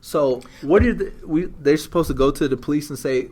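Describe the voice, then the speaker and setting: A man's voice: on the high side, fairly quick, a little mellow. A man co-hosting a casual commentary chat, blunt and opinionated, now and then acting out quotes. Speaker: co-host.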